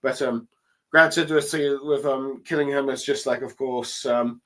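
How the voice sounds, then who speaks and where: A man casually recapping a comic chapter for his channel, talking hesitantly with many fillers and pauses. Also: medium pitch, steady tone, pushed and bright. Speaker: manga chapter reviewer. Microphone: desk mic at a streaming setup.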